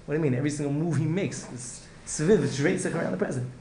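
A fast-talking rabbi with a fairly high pitch and a dark tone gives an earnest Torah lecture, circling back on himself and restarting phrases. Hebrew and Yiddish words pepper his speech, and the echoey room carries faint ambience with a little hiss or hum.

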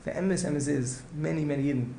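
Here the rabbi speaks at a fairly high pitch and a fairly quick pace, his gravelly voice dark in tone. Earnest and repetitive, he keeps restarting phrases and weaving in Hebrew and Yiddish words, recorded in an echoey room with faint ambience and a little hiss or hum.

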